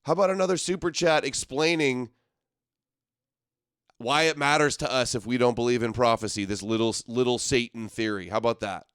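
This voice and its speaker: A man's voice: medium pitch, fairly quick, a bit bright, clear, resonant tone, no echo, clean studio sound. A man hosting a livestream, reacting to clips with sarcastic, exasperated commentary. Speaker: livestream host.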